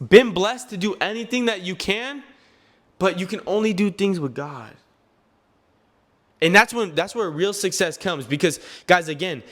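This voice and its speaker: Addressing his viewers directly, a nineteen-year-old man who runs a clothing brand and vlogs offers earnest, faith-driven motivation with a somewhat preachy edge. His voice is noticeably high and fairly bright, and he keeps tripping over words and beginning sentences anew.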